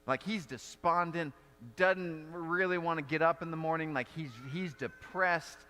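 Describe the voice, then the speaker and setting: A man's voice: a little high, a little slow, sharp tone, big-room sound. A male pastor giving a sermon in an earnest, conversational way, restarting phrases often.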